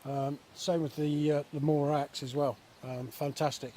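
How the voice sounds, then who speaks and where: A man talking casually in a relaxed, chatty way with many fillers, filming a vlog at a woodland camp outdoors. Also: a little high, a little slow. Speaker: vlogger. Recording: outdoor recording with faint nature noise.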